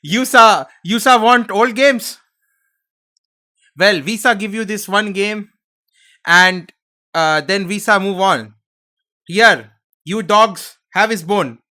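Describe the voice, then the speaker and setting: A man's voice: high voice, slow pace, pauses often, sharp tone, voice pushed up, full character voice. A man putting on a silly, clumsy alien creature's voice with broken grammar. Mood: mocking.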